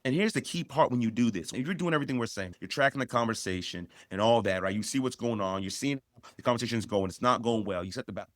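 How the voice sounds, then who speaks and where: A man's voice: mid-range voice, lively intonation, fast, hardly any pauses, no room sound, clean studio sound. A man co-hosting a podcast, giving emphatic, repetitive advice that rises sharply when he stresses a point. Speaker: podcast co-host.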